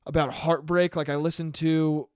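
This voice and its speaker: A man's voice: a little high, little pitch movement, normal speed, a little mellow, smooth, no room sound, studio quality. A young man hosting a solo podcast, rambling and swearing, often cutting himself off and laughing. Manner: rambling, profane, self-interrupting, laughs often. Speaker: podcast host. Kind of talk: casual solo podcast monologue.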